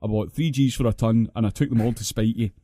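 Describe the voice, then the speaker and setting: A man's voice: lowish voice, fast, dark tone, no echo, studio quality. Ranting sweary Scottish man. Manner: profane, ranting storyteller. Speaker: podcast co-host. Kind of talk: casual chat, long sweary anecdotes.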